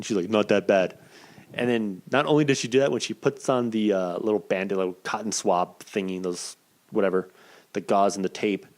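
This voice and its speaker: A man hosting a podcast, telling a story in casual, profane chat and acting out quotes with lively swings. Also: fairly low pitch. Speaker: podcast host.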